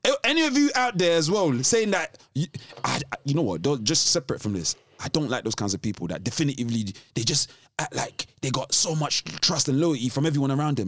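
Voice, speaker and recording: A man co-hosting a podcast in casual chat, animated, often restarting his sentences. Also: medium pitch, fast talker, hardly any pauses, dry recording. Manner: animated, restarts often, laughs between points. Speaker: podcast co-host.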